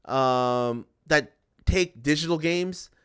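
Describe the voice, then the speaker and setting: A man's voice: on the high side, slow, fairly bright tone, clean tone. A young man streaming and chatting to viewers, ranting in an exasperated way, repeating himself and swearing. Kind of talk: ranting casual chat to viewers.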